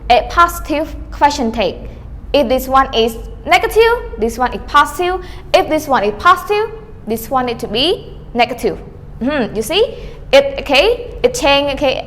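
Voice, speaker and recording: With a high, a bit bright voice and a big-room sound, this online English teacher fills her grammar lesson with "okay," refers to herself as teacher, and acts out rising and falling intonation on question tags.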